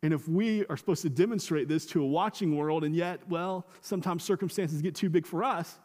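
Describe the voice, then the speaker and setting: A man's voice: on the high side, fairly quick, a little mellow, long reverb tail. A man preaching a sermon as a pastor, talking conversationally, asking rhetorical questions and repeating phrases for emphasis.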